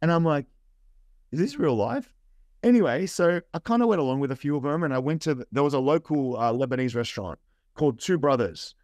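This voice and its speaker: An Australian man, a young adult guest, telling lively anecdotes in casual chat, often tagging lines with "right?" and acting out what people said. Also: fairly high pitch, fast talker, dry recording. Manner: animated anecdotes with "right?" and "I'm like". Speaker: interview guest. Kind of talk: casual storytelling.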